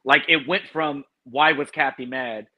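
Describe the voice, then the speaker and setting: A man on a review panel, animated and sassy, laughing often. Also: medium pitch, a little slow, highs cut off, slight background noise. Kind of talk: casual pop-culture review chat.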